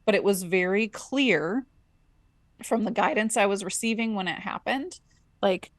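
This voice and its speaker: A woman co-host tells a personal story in relaxed podcast chat, and her pitch climbs sharply whenever she acts out what she and others said. Her voice sits in a middle range. The sound is dry and close, with no room around it. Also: a little slow, dry recording. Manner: animated storyteller, acts out her own inner voice and dialogue.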